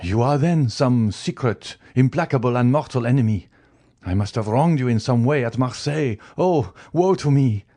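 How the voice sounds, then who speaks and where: A man voicing a frantic, grief-stricken older magistrate who cries out in high, strained bursts. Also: moderate pace, mellow, close to an everyday voice.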